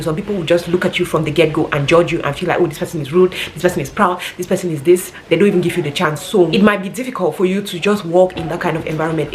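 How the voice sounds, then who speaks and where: A woman's voice: fairly low pitch, slight background noise. A woman talking casually and earnestly, giving rambling advice like a vlogger.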